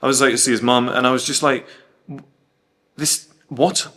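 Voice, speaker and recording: A man's voice: medium pitch, flat delivery, very fast, sharp tone. A man from the UK talking casually and bluntly, telling stories full of quoted dialogue and swearing. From United Kingdom. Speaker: host. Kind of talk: casual monologue.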